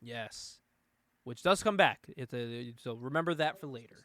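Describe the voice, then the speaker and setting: A man's voice: medium pitch, expressive, normal speed, fairly bright tone, no room sound. A man co-hosting a casual comic book review podcast, laughing often and swearing casually. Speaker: podcast co-host.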